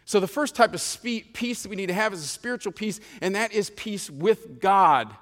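A man's voice: high voice, animated, normal speed, fairly bright tone, in a large hall. A man preaching a sermon as pastor, telling a story and stretching out key phrases for emphasis, often repeating himself. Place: church sanctuary.

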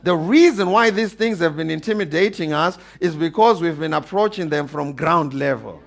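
A man preaching a sermon to a congregation, animated, calling for amens and building to emphatic peaks. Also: on the high side, normal speed, vocal fry, hardly any pauses. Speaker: pastor.

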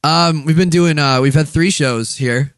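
A man's voice: on the high side, unhurried, clean tone, no room sound, clean studio sound. A young man co-hosting a casual comedy podcast from a hotel room, joking, rambling and crude. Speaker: podcast co-host.

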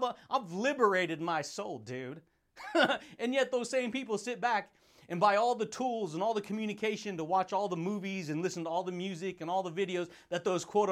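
Fired-up high-voiced man hyping listeners. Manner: hyped, laughing often, calls listeners buddy, dude and baby. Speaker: motivational podcast host. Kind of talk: energetic motivational monologue.

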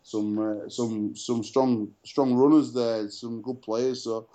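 A man's voice: medium pitch, fairly even intonation, takes it slowly, dark tone. A man co-hosting a casual sports chat show, telling stories full of fillers and restarts. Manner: chatty storyteller, many fillers and restarts. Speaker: podcast co-host.

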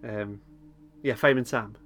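A man's voice: on the low side, fairly even intonation, moderate pace, fairly bright tone. A man hosting a casual podcast chat, recapping a TV episode with frequent chuckles and hesitant ums. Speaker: podcast host.

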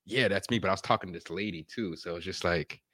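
Talking fast in a deep voice, a man appears as a podcast guest in a casual chat, animatedly telling stories and performing the voices of those he quotes. The sound is dry and studio quality.

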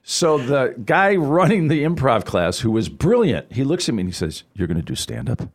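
A middle-aged man, a guest on a radio talk show, telling stories in a casual, animated way and acting out the people he quotes. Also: mid-range voice, moderate pace. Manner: animated storyteller, acts out quoted voices. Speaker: guest, financial advisor.

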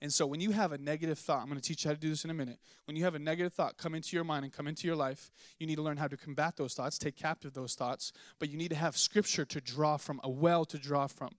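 Young male pastor, slightly high voice, dry close sound, animated storyteller in the pulpit. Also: fast talker, few pauses, dry recording. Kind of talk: sermon. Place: church sanctuary.

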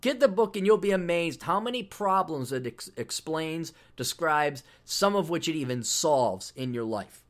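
A man's voice: on the high side, lively intonation, normal speed, hardly any pauses. A middle-aged man hosting a podcast, talking in a brash, sarcastic, profane way while plugging his own books. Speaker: podcast host. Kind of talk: casual podcast monologue.

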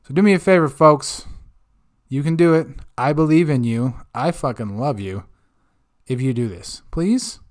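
A man's voice: medium pitch, moderate pace. A man hosting a comedic rant segment, swearing constantly in an exasperated tone. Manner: profane, exasperated ranting. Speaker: host.

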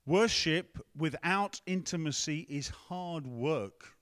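A man's voice: on the high side, slow, a bit bright. A man preaching a conversational sermon, breaking off to ask the room and the tech team for help. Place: church hall with a screen.

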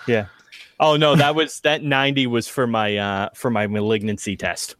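A man's voice: mid-range voice, steady tone, fairly bright tone, no echo, clean studio sound. A man playing a tabletop game, asking rules questions and swearing at bad rolls. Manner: quick reactions, swears. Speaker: player.

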